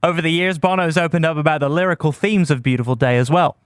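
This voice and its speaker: Brief male host narrating a music documentary podcast, somewhat high, smooth and dry, measured delivery. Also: no room sound. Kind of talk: scripted narration.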